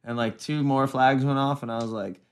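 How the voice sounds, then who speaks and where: A man cracks crude jokes in loose podcast banter, swearing often. His voice sits at an ordinary middle pitch, and he talks in a rambling way that keeps pushing the laughs. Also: steady tone, a little fast. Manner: profane, jokey, slips into mock voices.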